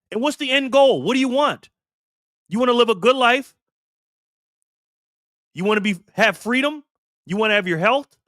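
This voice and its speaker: Fiery, forceful man in his fifties. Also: extremely high pitch, no room sound, studio quality. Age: 50s. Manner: heated, profane and emphatic, ranting. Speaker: channel host. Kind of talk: impassioned monologue to camera.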